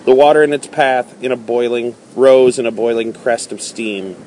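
A man giving a measured, dramatic first-person reading of a story. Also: mid-range voice, a little mellow, slight background noise. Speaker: narrator.

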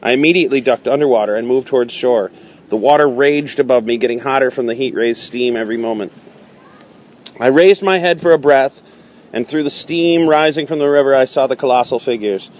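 A man giving a measured, dramatic first-person reading of a story. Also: medium pitch, a little mellow. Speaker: narrator.

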